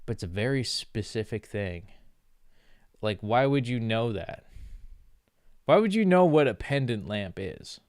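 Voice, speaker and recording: A young man, ranting on a livestream in a loose, profane and sarcastic way. His voice is smooth and clear at a middling pitch, and he slips into mocking put-on snob voices now and then. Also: very animated, measured pace, long pauses, a little mellow, no echo, clean studio sound. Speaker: streamer. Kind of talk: casual rant on a livestream.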